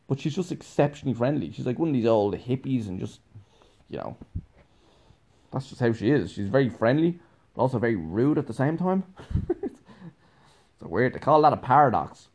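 A man's voice: mid-range voice, expressive, normal speed, long pauses, a little mellow. A young man telling a casual, rambling story, laughing often and filling his talk with "like". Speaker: podcast host, musician.

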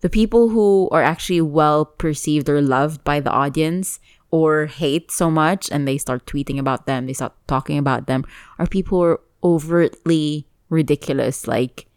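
A woman's voice: low voice, moderate pace, a little mellow, clean tone, no echo, studio quality. A woman co-hosting a casual chat, chatty and teasing, laughing often.

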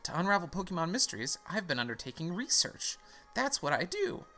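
A man's voice: high voice, big pitch swings, a little fast, sharp tone, soft background music, pitched above the performer's own voice, full character voice. A man doing Professor Birch, grand and sing-song. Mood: grandly welcoming. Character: cheerful middle-aged male Pokemon professor.

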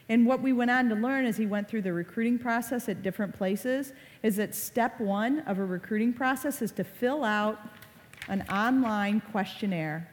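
A woman's voice: mid-range voice, expressive, moderate pace. A woman in her forties giving a talk to a live audience, telling stories and acting out quotes. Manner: chatty storyteller, acts out quotes. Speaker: speaker on online reputation. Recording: reverberant hall.

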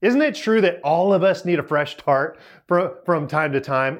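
A man in his forties giving a storytelling talk as a youth speaker, animated and poking fun at himself as he laughs through it. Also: a little high, normal speed, few pauses. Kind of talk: storytelling talk to a young audience.

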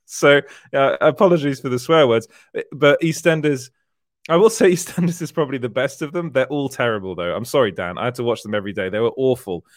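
A man's voice: mid-range voice, a little fast, no echo, clean studio sound. Chatty laughing male stream host. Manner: chatty, laughs often, self-deprecating, rambling with restarts. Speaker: livestream host, entertainment journalist. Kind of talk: casual livestream chat reading viewer comments.

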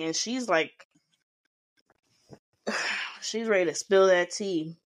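A woman podcaster with a somewhat low voice talks through a reality show episode in loose, casual chat. She swears often and slips into quick impressions of the cast as she retells scenes. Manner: chatty, swearing freely, acting out quotes. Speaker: podcast host recapping a show.

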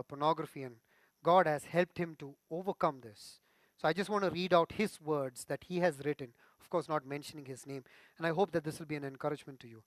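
Male pastor, high voice, earnest sermon, asks the congregation questions, dry close sound. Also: fairly bright tone, no room sound.

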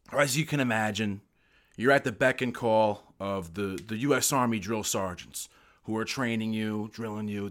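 Man, young, from the US, podcast guest, brash, swearing, mid-pitched voice. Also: fairly bright tone. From United States. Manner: brash, profane, boisterous. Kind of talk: casual podcast storytelling.

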